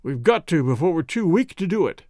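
A man voicing an exhausted English gentleman castaway who speaks in an earnest, strained way. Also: on the high side, very animated, a little fast, no echo, studio quality. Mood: urgent.

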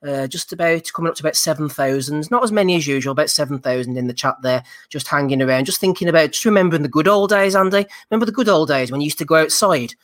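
A man's voice: a little high, fairly bright tone, no echo, clean studio sound. A man hosting a podcast, running through show announcements and greeting listeners by name in casual chat. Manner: brisk, reads out chat names. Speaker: podcast host.

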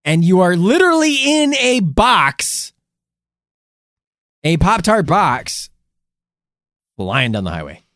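A man co-hosting a comedy podcast, riffing playfully and reacting quickly to his partner's story. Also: high voice, very animated, a bit bright, no echo, studio quality. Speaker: podcast co-host. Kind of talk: casual banter.

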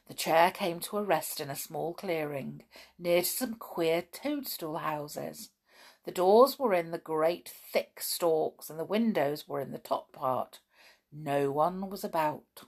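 Gentle, unhurried woman storyteller reading a children's book. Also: low voice.

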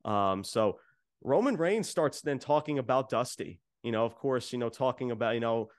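Man, podcast co-host, chatty rambling recap full of "you know" and half-acted quotes, mid-pitched voice, dry close sound with no room. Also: animated, normal speed, no echo. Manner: rambling, many fillers, re-enacting quotes. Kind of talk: casual wrestling show recap.

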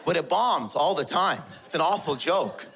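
A man performing stand-up comedy, telling crude family stories in an animated way. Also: on the high side, moderate pace, vocal fry, some chatter behind, slight background noise.

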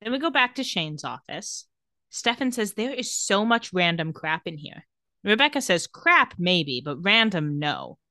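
A woman co-hosting a podcast, recapping with a bright, forceful voice that rises and falls a lot. She acts out quoted lines and laughs often. The sound is close and dry. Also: medium pitch, measured pace, dry recording. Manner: animated, acts out quotes with a bad British accent, laughs often. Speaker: podcast co-host recapping a TV episode. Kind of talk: casual chat.

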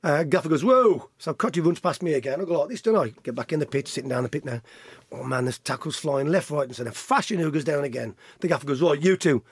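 A middle-aged man, a guest telling an animated anecdote and acting out the voices of others. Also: fairly high pitch, fast talker, husky, no echo. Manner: lively storyteller acting out quotes, laughs often. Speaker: guest, former footballer.

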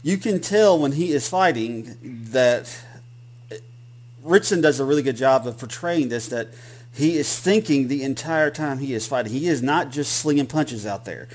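A man's voice: mid-range voice, animated, normal speed, darkish tone. A man with a Southern accent, co-hosting a podcast in casual, rambling chat with many restarts. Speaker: podcast co-host.

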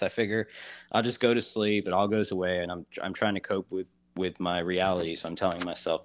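A man casually telling a personal story in a rambling, halting way, full of "you know" and "like". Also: deep voice, little pitch movement, dull audio.

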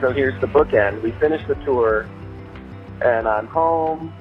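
A man telling a story in a casual, animated way, laughing as he goes and swearing freely. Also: mid-range voice, measured pace. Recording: tinny phone-like sound with faint music.

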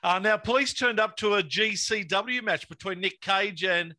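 Bright-voiced host. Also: male voice, high-pitched. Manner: leads the topics, brisk prompts. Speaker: podcast host. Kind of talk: casual chat.

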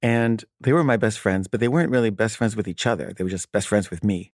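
A man's voice: fairly low pitch, fast, dry recording, clean studio sound. A man casually telling a personal story, wry and loose, with frequent filler words.

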